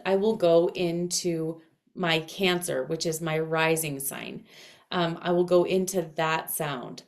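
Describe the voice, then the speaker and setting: A woman teaching casually to camera in a dense, heavy voice, speaking expressively with clear inflection. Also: lowish voice. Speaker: astrology and voice coach.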